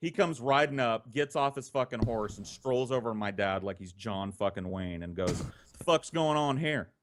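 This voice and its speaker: A man hosting a podcast, telling a story from his childhood in a casual, profane, animated way. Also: on the low side, normal speed, noisy background. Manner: profane, animated, with laughter in between.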